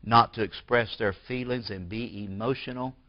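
A man preaching a sermon as pastor in a church. He swings from forceful bursts to quiet, hushed lines. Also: on the low side, steady tone, moderate pace, no echo, lo-fi sound. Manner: preaching with rising emphatic bursts and drops to near-whisper.

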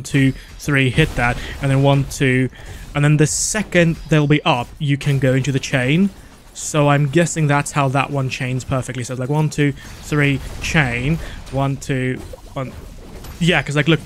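A man giving casual gameplay commentary, excitable, talking to himself with gasps, restarts and sudden outbursts. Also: medium pitch, slight background noise. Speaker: gaming YouTuber.

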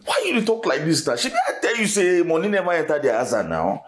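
A man's voice: a little high, huge pitch swings, a little fast. An actor with a Nigerian accent playing a broke, boastful husband who stammers and begs his wife in Pidgin. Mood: pleading. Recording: echoey room with faint noise.

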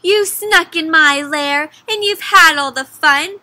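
A woman voicing a big male bear who grumbles about missing the fun, in a slow, emphatic complaining tone. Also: very high-pitched, sharp tone, exaggerated voice. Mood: sulky complaint.

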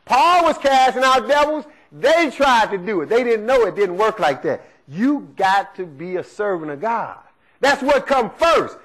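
A man's voice: high voice, expressive, measured pace, a bit bright, low-quality recording. A male preacher giving a conversational sermon, often asking "right?" as he teaches. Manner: preaching in a conversational style, asks "right?" again and again.

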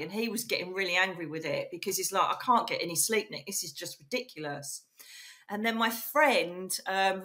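Bright-voiced chatty middle-aged Englishwoman. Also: mid-range voice. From England. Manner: chatty, emphatic, fond of saying "literally" and "you know". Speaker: psychic medium, guest. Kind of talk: casual storytelling interview.

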